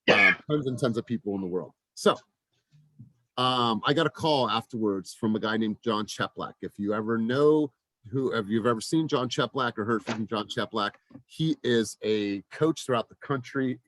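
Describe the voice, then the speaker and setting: A man in his forties, a real estate team coach, giving an energetic motivational talk to his team, often repeating words and restarting sentences. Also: on the low side, no room sound. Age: 40s.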